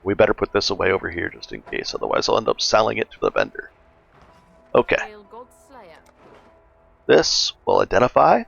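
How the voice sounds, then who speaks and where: A man with a gravelly, fry-tinged voice walks through his game in a relaxed, chatty way, thinking aloud as he goes. His desk mic sounds a little dull, with faint music playing underneath. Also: on the low side, moderate pace, long pauses. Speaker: gaming guide host. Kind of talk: casual gameplay walkthrough.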